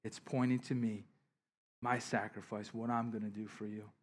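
A man preaching a sermon, telling a personal story in a casual, conversational way, dropping to soft asides and rising to emphatic bursts. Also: on the low side, level tone, normal speed, slight background noise. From western New York. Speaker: pastor.

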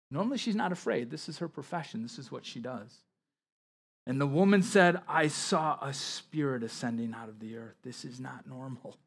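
A man's voice: mid-range voice, breathy edge. A man preaching a sermon, reading scripture aloud and explaining it with emphatic asides. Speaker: pastor.

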